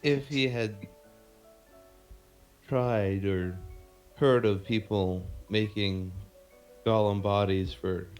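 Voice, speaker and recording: A man playing a tabletop game, speaking hesitantly and in halting starts. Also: on the low side, steady tone, darkish tone, faint music behind. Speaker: player. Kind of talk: casual tabletop game play.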